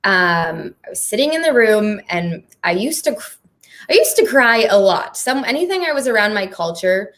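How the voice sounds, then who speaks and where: Woman hosting a panel on stage, heartfelt, laughs a lot, middle pitch. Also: very animated, moderate pace. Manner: warm, earnest, laughs often. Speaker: panel moderator. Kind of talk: live panel conversation. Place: performing arts centre stage.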